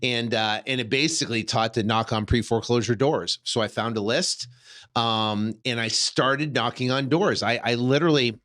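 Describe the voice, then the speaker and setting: A man in his fifties with a middle-pitched voice tells a personal story casually. He keeps it animated, stumbling through fillers and restarts and acting out his own reactions. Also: moderate pace. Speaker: real estate investor and podcast host.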